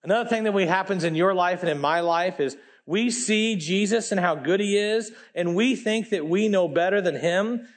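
A man preaching a sermon in a casual, animated way, full of slang, swinging between loud emphatic bursts and quiet low asides. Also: moderate pace, hardly any pauses.

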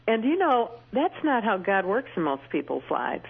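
A woman's voice: medium pitch, big pitch swings, normal speed, vocal fry, husky. A middle-aged woman, a Christian speaker, telling earnest personal stories with touches of humor as a radio interview guest. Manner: earnest, storytelling, warm humor. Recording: tinny phone line on radio.

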